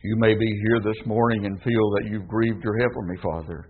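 A man's voice: lowish voice, fairly even intonation, a little fast, breathy edge. A man preaching a sermon with impassioned, emphatic pleading that rises and falls. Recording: tinny phone-like sound.

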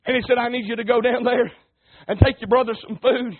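Man preaching, very high voice, folksy and emphatic, narrow phone-like sound. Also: steady tone, fast talker. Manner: folksy and emphatic, calls on the congregation. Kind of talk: sermon.

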